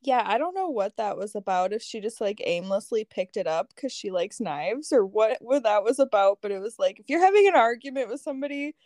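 A woman's voice: medium pitch, big pitch swings, a little fast, hardly any pauses, darkish tone, no echo, clean studio sound. A woman telling a story in a casual chat, laughing often as she talks. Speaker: guest.

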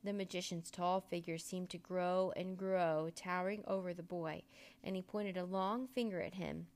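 Gravelly-voiced woman reading a storybook. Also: fairly low pitch. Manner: expressive, measured storytelling. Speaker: narrator.

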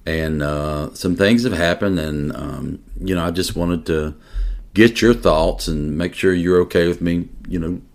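Deep-voiced man telling an emotional story. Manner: emotional, earnest storytelling with halting restarts. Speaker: police detective. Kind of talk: personal storytelling in an interview.

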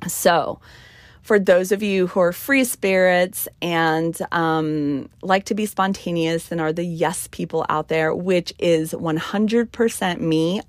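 Chatty woman with a lower, dry voice. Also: no room sound. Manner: chatty, emphatic, many ums. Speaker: podcast host. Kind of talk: casual solo podcast talk.

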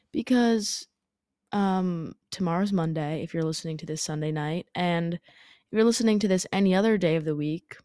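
A woman's voice: fairly low pitch, a little mellow, no echo, clean studio sound. A young woman hosting a podcast, chatting candidly and casually with lots of "like" and casual swearing, a little under the weather. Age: young adult. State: congested, fighting off sickness. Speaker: podcast host. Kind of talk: casual solo podcast chat.

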